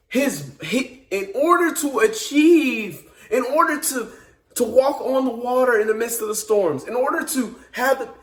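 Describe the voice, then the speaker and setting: A man's voice: extremely high pitch, echoey room. A man preaching informally in an earnest, emphatic way, repeating and restarting his phrases as he builds each point. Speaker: speaker giving a devotional message.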